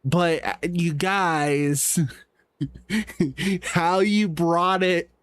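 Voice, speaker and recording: A man hosting a gaming live stream, chatting casually in an animated, incredulous way and laughing often. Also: high voice, extremely slow, clear, resonant tone, dry recording.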